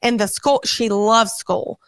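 A woman co-host tells a family story on a morning radio show, slightly high-pitched and lively as she acts out each quoted line. Her voice sits close and dry on the studio mic, with no room around it. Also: slow pace, clear, resonant tone, no room sound. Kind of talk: casual on-air storytelling.

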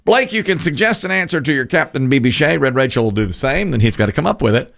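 Lively man hosting a game show. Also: mid-range voice, fast talker, creaky. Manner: upbeat, chatty, joking.

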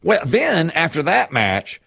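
A man tells a story on a casual talk show, his voice gravelly and his pitch rising and falling a great deal. He animates the tale by acting out the people in it. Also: wildly swooping pitch, takes it slowly, fairly bright tone. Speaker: co-host telling a story.

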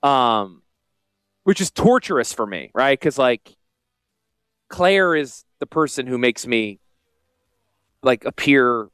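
A man with a Northern US Yankee accent, a financial advisor hosting a casual promotional podcast with salesy, jokey asides and a high-pitched voice. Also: a bit bright, clear, resonant tone, no room sound. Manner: self-described high-pitched voice. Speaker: financial advisor and radio host.

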